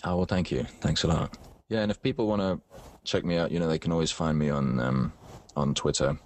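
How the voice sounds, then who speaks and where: Joking deep-voiced male actor guest. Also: fairly quick. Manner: self-deprecating, joking, with many restarts. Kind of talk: casual interview chat.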